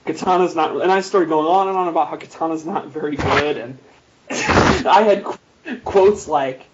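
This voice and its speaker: Man, fairly high voice, self-mocking podcast guest, muffled lo-fi sound. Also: animated, unhurried, heavy background noise. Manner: laughing, self-mocking storyteller. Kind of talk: casual podcast chat.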